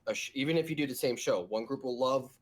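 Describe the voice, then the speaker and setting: A man's voice: medium pitch, quick pace. A man who voice-directs abridged series, talking thoughtfully in a casual podcast chat with many restarts.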